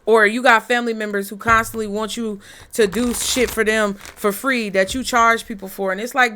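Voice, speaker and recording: A woman's voice: on the high side, steady tone, moderate pace, bright, forceful tone, slight background noise. Blunt, fired-up woman tarot reader. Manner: blunt, profane, fired-up motivational talk. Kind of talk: casual collective tarot reading.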